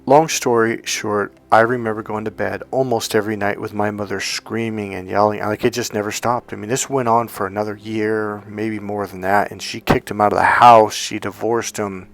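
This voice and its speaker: A man's voice: fairly low pitch, fairly even intonation, normal speed, gravelly, hardly any pauses. A man, a dating coach, telling a personal story in a rambling, conversational way. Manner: conversational, rambling, with many fillers and restarts.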